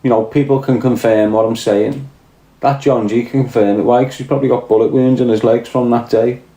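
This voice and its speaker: A man's voice: medium pitch, steady tone, brisk, mellow. Rambling Scouse man in an echoey room. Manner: rambling, reads out viewer comments. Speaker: podcast host. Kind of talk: casual live-stream chat.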